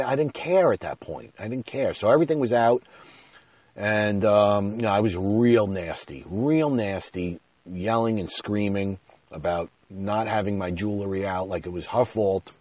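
A man hosting his own podcast, telling a rambling, self-deprecating story full of "you know," his voice jumping up and getting loud when he retells an argument. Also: lowish voice, dry recording. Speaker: podcast host. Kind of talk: casual storytelling monologue. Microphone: podcast mic.

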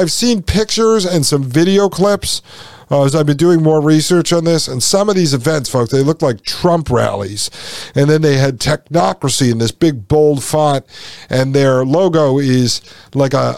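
A podcast host with a slightly high, gravelly, somewhat mellow voice reads from a text and comments on it, folksy and sarcastic, speaking straight to listeners. The recording is dry and studio quality.

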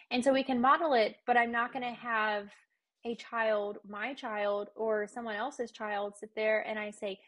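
Woman podcast guest, fairly high voice, eager rapid explainer with filler words. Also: fairly even intonation, a bit bright. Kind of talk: casual advice chat.

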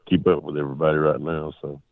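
Brief: male panelist, very deep gravelly voice, unwell and subdued, tinny phone line. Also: level tone, fast talker, dry recording. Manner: subdued, quiet. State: feeling sick and unwell. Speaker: panel member.

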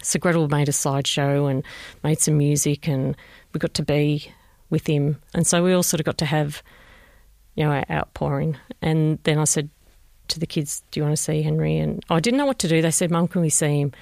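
A woman with an Australian accent, a mother gently recalling a painful family story in an interview and re-enacting what people said. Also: low voice, fairly even intonation, a little fast, creaky, no room sound, studio quality. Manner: reflective, gentle, re-enacts conversations. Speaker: bereaved mother telling her story. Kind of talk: personal recollection, interview.

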